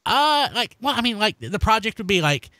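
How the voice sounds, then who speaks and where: Male podcast co-host, somewhat high voice with lively swings in pitch, rambling chat, dry sound. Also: moderate pace, no room sound. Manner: animated, rambling, promotes links. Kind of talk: casual chat on a live stream.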